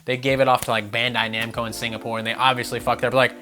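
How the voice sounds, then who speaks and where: A young man hosting a casual gaming video, animated and swearing, putting on mocking voices as he rants. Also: mid-range voice, racing, few pauses, faint music behind. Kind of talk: casual opinion rant.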